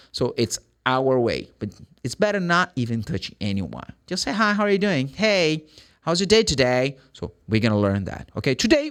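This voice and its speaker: Animated man teaching English. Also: medium pitch. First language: Portuguese. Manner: animated, emphatic, repeats example phrases. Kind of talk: energetic online English lesson.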